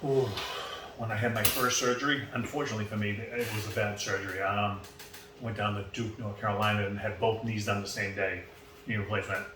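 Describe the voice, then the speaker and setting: Boston man telling stories, low voice. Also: brisk. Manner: animated, acts out quoted exchanges. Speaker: podcast guest. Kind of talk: casual storytelling. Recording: roomy, distant mic, faint background noise.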